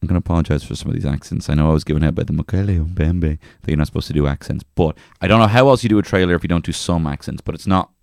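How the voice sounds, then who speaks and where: A man co-hosting a comedy podcast, rambling and crude with halting restarts. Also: rumbling low, creaky, a little mellow, no echo, clean studio sound. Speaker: podcast co-host. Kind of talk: casual comedy chat.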